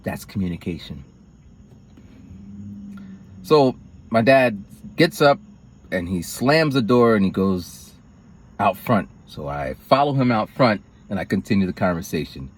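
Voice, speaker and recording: A man's voice: fairly low pitch, a little slow, long pauses. A man telling a personal story in a rambling vlog, acting out other people's lines with big swings of voice. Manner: rambling, animated, acts out quoted lines in raised voices. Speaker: vlogger.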